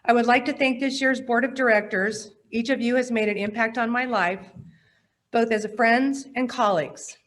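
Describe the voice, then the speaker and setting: A woman with a slightly high voice gives an acceptance speech as the incoming president of an organization. She sounds humbled and heartfelt, a little choked up as she thanks those who came before her. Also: steady tone, normal speed, fairly bright tone. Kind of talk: acceptance speech at an awards program.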